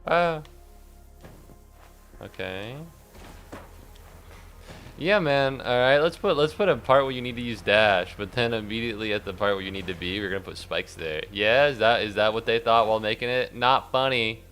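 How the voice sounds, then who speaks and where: A man's voice: fairly low pitch, moderate pace, pauses often, fairly bright tone, faint music behind. A young man streaming a game, rambling and sarcastic, swearing a lot and yelping suddenly at the game. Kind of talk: casual gameplay commentary.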